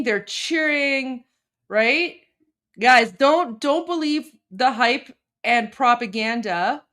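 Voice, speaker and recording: A woman's voice: on the high side, a bit bright. Rambling Iranian-accented woman livestreamer. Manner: rambling, repeats herself, keeps asking "right?". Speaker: livestream host. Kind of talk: casual live commentary.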